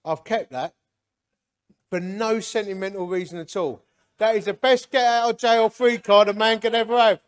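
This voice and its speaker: A man, giving a lively, jokey personal testimony to a men's gathering and acting out the people in it. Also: high-pitched, moderate pace. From Hornchurch, England. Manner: lively, jokey, acts out quotes.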